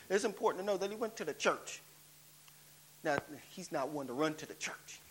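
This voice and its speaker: High, bright-voiced man preaching a sermon. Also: animated, brisk, poor audio. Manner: repetitive rhetorical questions, urging "come on". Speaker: guest preacher. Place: church.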